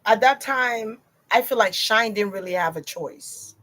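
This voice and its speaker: Chatty woman livestream reader, slightly high. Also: measured pace, fairly bright tone. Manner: chatty, slangy, talks to viewers directly. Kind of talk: casual livestream chat.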